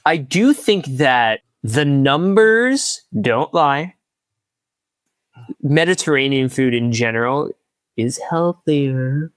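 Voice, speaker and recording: A man's voice: on the high side, expressive, takes it slowly, clean tone, no echo. Young male co-host, earnest debater, dry close-mic sound. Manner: earnest, argues with mock statistics. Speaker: podcast co-host. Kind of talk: casual debate chat.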